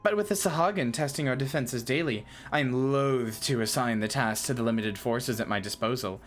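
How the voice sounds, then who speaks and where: Woman playing a stately naval commodore. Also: a bass voice. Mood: formal. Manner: formal, stately, measured. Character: stiff formal naval commodore, a man. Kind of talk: dramatic game dialogue reading.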